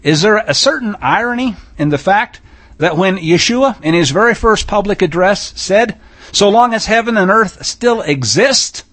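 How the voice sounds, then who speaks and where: A man's voice: high-pitched, lively intonation, moderate pace, fairly bright tone. A man preaching a sermon, folksy and emphatic, with sarcastic asides and pointed scripture reading. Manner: reads scripture aloud, stressing single words. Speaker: Bible teacher.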